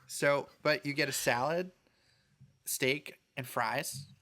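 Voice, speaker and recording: A man's voice: medium pitch, slow, pushed and bright. A man, a priest hosting a podcast, chatting casually and telling anecdotes full of filler words. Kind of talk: casual conversational chat.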